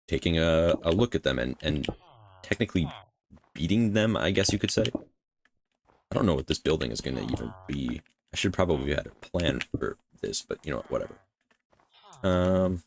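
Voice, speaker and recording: With a bass voice and a little hiss or hum on the recording, a man comments casually on his building game for his own gaming channel. He rambles, using many fillers and restarts.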